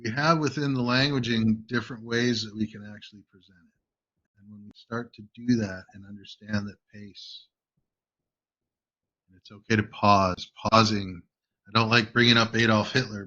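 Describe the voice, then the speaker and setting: Host: man, bright forceful voice, emphatic coaching delivery, dull lo-fi recording. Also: lowish voice, fairly even intonation, moderate pace. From United States. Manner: emphatic, keeps checking in with "right?". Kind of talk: casual coaching talk. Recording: dull lo-fi audio.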